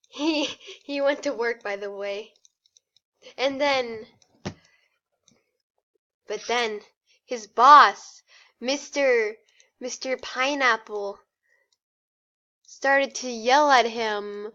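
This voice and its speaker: A woman's voice: high voice, pushed and bright. A woman telling a silly improvised story to friends in a casual, giggly way, over a dull lo-fi voice chat. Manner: giggly, drawn-out narration. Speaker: storyteller in a group drawing game.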